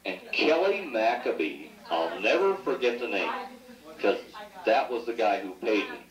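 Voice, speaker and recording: A man's voice: on the low side, sing-song, measured pace, crowd noise. A middle-aged man telling joking, teasing stories as the son at a family party. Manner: joking, teasing, laughs at his own stories. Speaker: son giving a toast. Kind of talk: rambling anecdotes at a family party. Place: party room at an anniversary celebration. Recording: echoey 1980s home video from far off.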